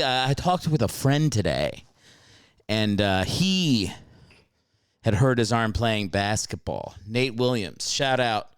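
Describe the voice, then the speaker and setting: A man in his late thirties hosting a solo podcast from his home couch, talking in a brash, profane, excitable comedic rant, a little out of breath from a walk. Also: mid-range voice, clean tone, no echo, clean studio sound. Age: 30s. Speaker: podcast host.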